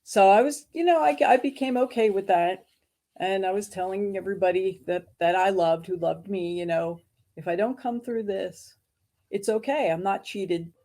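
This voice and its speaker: A woman's voice: medium pitch, normal speed, warm tone. A woman hosting an interview, sharing her own experience in a reflective, personal way. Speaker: podcast host. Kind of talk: casual interview chat.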